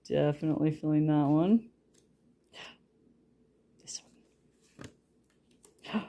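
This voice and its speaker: A woman's voice: deep voice, slow pace, long pauses, darkish tone. A woman giving a casual tarot reading, chatty and rambling, with a light Southern drawl that slips in. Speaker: tarot reader.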